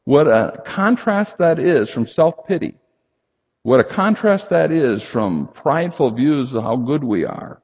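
A man preaching a sermon to a congregation, emphatic and animated, rising high for emphasis and dropping low and quiet. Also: a little slow, breathy edge. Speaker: pastor. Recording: lo-fi recording in a reverberant hall.

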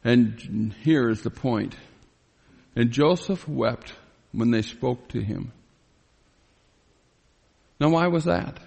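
A man's voice: mid-range voice, expressive, creaky, darkish tone, breathy edge. A man preaching a sermon, reading scripture verses aloud and stopping to explain them, growing earnest and pleading as he voices a biblical figure. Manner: reads scripture aloud and pauses to explain, grows pleading when voicing Joseph. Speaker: pastor. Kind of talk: expository Bible sermon. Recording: long reverb in a hall.

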